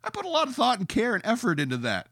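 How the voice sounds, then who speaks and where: A man's voice: extremely high pitch, wildly swooping pitch, rapid-fire, fairly bright tone, dry recording, clean studio sound. A man ranting in a sarcastic, emphatic way as a podcast host, now and then reading out his own comments in a mocking voice.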